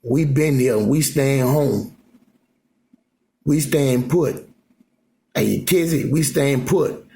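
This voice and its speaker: A man with a gravelly, creaky voice rambles into his phone camera from home. His talk is loose and repetitive, full of filler phrases and restarts, at a middling pitch. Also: slow pace, pauses often, dark tone. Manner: loose, repetitive, full of "you know what I'm saying". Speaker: vlogger. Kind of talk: rambling casual monologue. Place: at home in Alaska.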